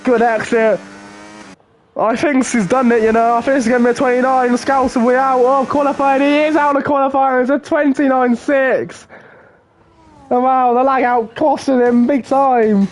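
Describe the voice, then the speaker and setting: A man commentating live on a sim racing qualifying session, swinging between low murmurs and excited outbursts. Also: moderate pace, slight background noise. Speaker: race commentator.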